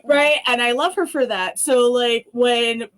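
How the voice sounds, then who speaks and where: A woman's voice: a little high, measured pace. A woman hosting a talk show, ranting bluntly and profanely, acting out quotes as she tells stories in casual chat. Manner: animated storytelling with acted-out quotes.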